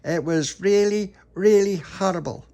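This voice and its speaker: A man voicing an excitable little boy in a spoken bedtime story, in a high squeaky childlike voice. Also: unhurried. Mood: excited. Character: excitable little boy who owns the boat.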